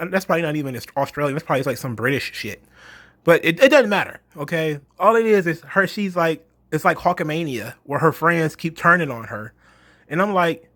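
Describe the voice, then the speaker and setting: A man's voice: on the high side, animated, brisk, a bit bright, dry recording. Exasperated ranting man, dry close sound. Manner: exasperated, mocking, profane. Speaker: wrestling commentary host. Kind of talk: ranting commentary monologue.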